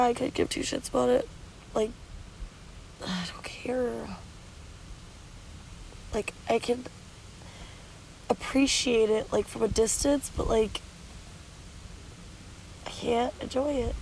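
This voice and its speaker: Exhausted, tearful woman with a gravelly voice. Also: on the high side, darkish tone, slight background noise, low-quality recording. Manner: weary, rambling, blunt with swearing. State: exhausted and sleep-deprived; tearful, stuffy nose. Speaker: vlogger. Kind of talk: candid confessional vlog. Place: sitting at the beach, outdoors.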